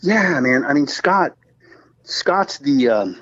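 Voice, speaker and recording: A man who is a guest musician on a podcast, telling stories in a rambling, animated casual chat full of fillers. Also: mid-range voice, slow, no room sound, highs cut off.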